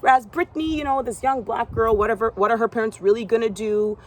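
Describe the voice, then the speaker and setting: A young woman from Canada telling a personal story from her gymnastics past, acting out other people's lines in a higher voice. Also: fairly even intonation, fast.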